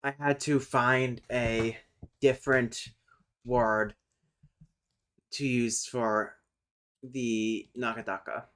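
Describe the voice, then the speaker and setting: A man streams live, explaining language topics in a flat, clear, resonant mid-range voice. It's casual chat where he thinks aloud, stops and starts again, and abruptly shouts to his cat.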